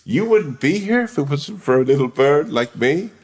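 A man's voice: very animated, moderate pace. A man doing a gushing little American bird. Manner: gushing, high and breathless. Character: excitable small male bird, gushing.

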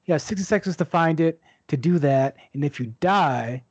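A man's voice: a little high, moderate pace, darkish tone, slightly rough, no echo. A man co-hosting a casual game review chat, plainly explaining how a game works. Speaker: podcast co-host. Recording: slightly dull, lo-fi mic.

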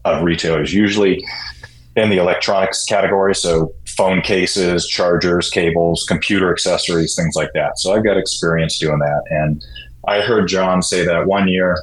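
Man telling stories in a roomy echo. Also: moderate pace. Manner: animated, jumps higher when quoting people. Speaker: guest, shoe importer. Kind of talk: casual interview storytelling.

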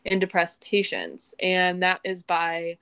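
A young woman with a Midwestern accent, co-hosting a science podcast in relaxed, self-amused casual talk. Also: lowish voice, takes it slowly, gravelly, smooth. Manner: relaxed, laughs at herself, fillers. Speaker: podcast co-host. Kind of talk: casual chat, reading show updates.

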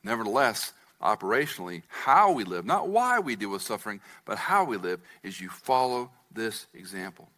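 A man's voice: on the low side, big pitch swings, normal speed, hardly any pauses, sharp tone. A man preaching an expository sermon as pastor, walking the congregation through a scripture passage and checking that they follow. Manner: teaching, asks the congregation to follow along.

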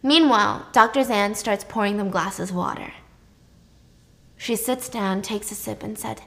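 A woman casually retelling a drama's plot, chatty and lively, raising her voice when she acts out the characters' lines. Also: measured pace, gravelly. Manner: chatty, acts out dialogue with raised pitch. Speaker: drama recap narrator. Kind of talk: casual storytelling recap.

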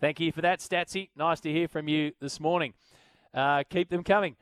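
Chatty Australian radio host, dry studio sound. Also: male voice, fairly high pitch, normal speed, clear, resonant tone, dry recording. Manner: chatty, animated when reading listener messages. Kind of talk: talkback radio chat.

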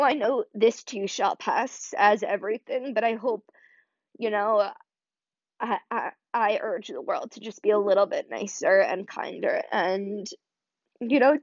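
A woman's voice: medium pitch, dry recording. A young adult woman hosting a podcast, choked up and near tears, talking earnestly and rambling with lots of fillers. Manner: earnest, rambling, many "like" and "you know" fillers. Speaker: podcast host. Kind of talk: heartfelt solo podcast monologue. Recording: dry, slightly dull lo-fi sound.

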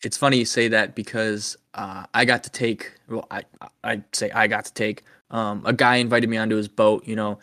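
Animated young man telling a fishing story. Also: on the low side, normal speed, no echo, clean studio sound. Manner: animated storyteller, acts out quotes. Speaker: podcast host. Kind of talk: casual chat.

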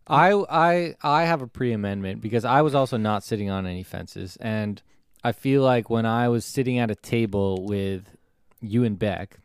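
A man's voice: fairly low pitch, normal speed, clear, resonant tone, no echo, clean studio sound. A man co-hosting a podcast, talking casually and hedging his points with restarts and fillers. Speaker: podcast co-host. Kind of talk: casual chat.

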